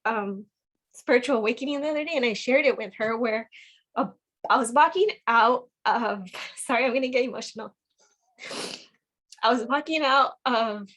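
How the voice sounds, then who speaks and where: Chatty woman guest, slightly high voice. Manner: chatty, many "like" fillers, earnest. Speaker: guest, program member. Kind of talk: casual personal testimony.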